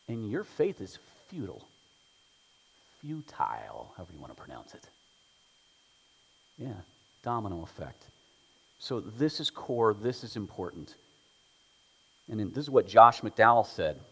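A man preaching an Easter sermon, moving between soft prayer and loud, emphatic points. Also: mid-range voice. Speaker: pastor. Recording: long reverb from a large room.

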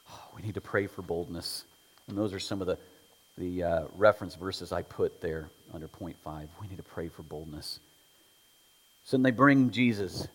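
A man preaching a sermon, telling the story with animated delivery, acting out quotes and dropping to whispers. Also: fairly low pitch, husky. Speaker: pastor. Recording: long hall reverb.

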